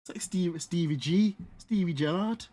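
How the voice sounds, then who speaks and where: A man's voice: sits high, moderate pace, dark tone. A young man from North London with a London accent, bantering casually while sim racing, slangy and often laughing.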